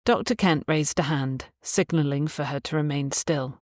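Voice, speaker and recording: A woman's voice: low-pitched, moderate pace, few pauses, no echo. Woman narrating a romance audiobook, dry.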